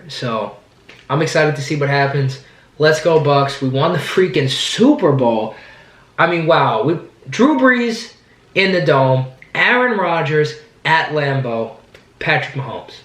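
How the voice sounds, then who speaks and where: A man's voice: fairly high pitch, a bit bright. A man recapping a football season in an enthusiastic, rambling fan vlog, often repeating himself. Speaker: sports fan vlogger. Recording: roomy echo.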